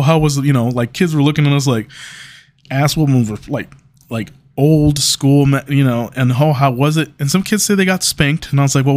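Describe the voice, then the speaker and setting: A man in his mid-thirties talks alone into the mic as a podcast host. He rambles casually, trips over his words and restarts, and swears freely. His pitch sits right in the middle for a man. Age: 30s. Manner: rambling, laughing storyteller with restarts and profanity. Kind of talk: casual solo monologue.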